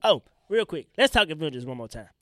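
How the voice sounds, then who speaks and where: A congested young man hosts his own podcast, speaking straight to his listeners in loose, animated slang. His voice sits a bit high and stays smooth despite the strain in his throat. The recording is dry and close, with no room sound. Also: fast talker, dry recording. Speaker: podcast host. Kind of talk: casual solo podcast talk.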